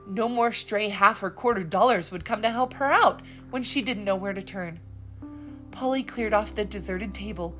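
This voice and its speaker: A woman expressively reading a children's storybook aloud as the storyteller. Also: mid-range voice. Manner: expressive, lively.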